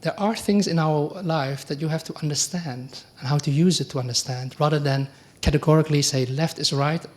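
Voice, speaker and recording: Monk giving a dharma talk, fairly high voice, keeps asking the room "right?". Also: male voice, fairly quick, few pauses. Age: middle-aged or older. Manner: conversational, asks the audience rhetorical questions; acts out quoted exchanges with lively pitch jumps. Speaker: Buddhist monk teacher.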